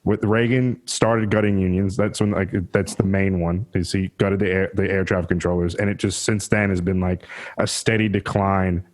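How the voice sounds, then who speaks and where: A man with a Southern US accent hosting a podcast, talking in a rambling, profane, animated way about labor politics. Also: low-pitched, moderate pace. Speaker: podcast host. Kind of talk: casual political chat.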